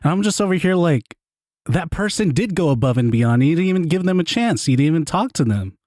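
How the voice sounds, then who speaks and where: A man hosting a podcast, telling stories in casual chat, animated, often laughing and swearing. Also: on the high side, brisk, no echo, studio quality. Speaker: podcast host.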